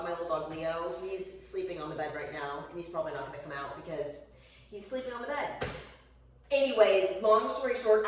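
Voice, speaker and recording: A woman's voice: medium pitch, fairly bright tone, recorded from a distance. A candid, rambling woman chats loosely to her viewers while she stretches, swearing now and then. Her voice sits well back from the mic and rings around a very echoey room. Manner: rambling, candid and profane, with laughs. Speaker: vlogger. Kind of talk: casual chat to camera.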